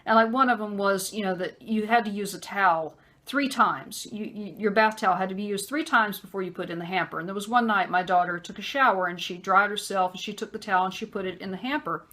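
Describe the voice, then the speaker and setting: A woman telling a personal story in a conversational vlog, with many fillers and pauses. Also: mid-range voice, sharp tone. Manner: acts out a harsh man's voice in quotes. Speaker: vlogger.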